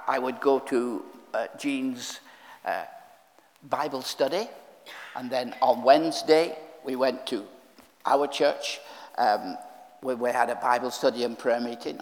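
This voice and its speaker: Slow, halting older preacher in a hall. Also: male voice, mid-range voice. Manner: unhurried, halting, with many restarts. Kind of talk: sermon with altar call. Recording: long hall reverb.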